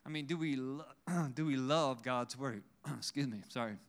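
A man preaching a sermon, building up to loud, emphatic declarations. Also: medium pitch, normal speed.

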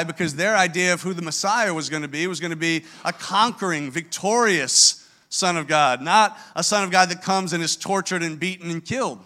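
A man's voice: a little high, normal speed, bright, forceful tone. A man preaching a sermon as pastor, emphatic and earnest, often restarting his words.

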